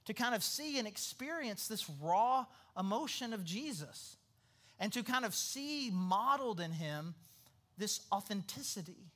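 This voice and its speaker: A man's voice: high-pitched, bright, forceful tone. A man preaching a sermon in a loose, conversational manner. He drifts into a casual, everyday voice when acting out quotes. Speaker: pastor.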